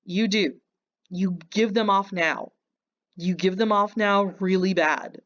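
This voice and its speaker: A woman's voice: medium pitch, slow, fairly bright tone. Mocking woman in a dull lo-fi recording. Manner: mocking, insulting, sarcastic. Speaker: reaction video host. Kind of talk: reaction commentary.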